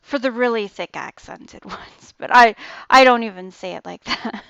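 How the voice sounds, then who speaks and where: A woman's voice: on the high side, moderate pace, creaky, fairly bright tone, clean tone, no room sound, lo-fi sound. Chatty young woman. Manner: chatty, laughs often. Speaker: gaming streamer. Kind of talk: casual chat while gaming.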